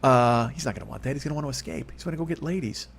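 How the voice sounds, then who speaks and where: A man's voice: mid-range voice, rapid-fire, creaky. A man in his fifties hosting a solo comedy podcast, rambling and profane with a self-mocking streak. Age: 50s.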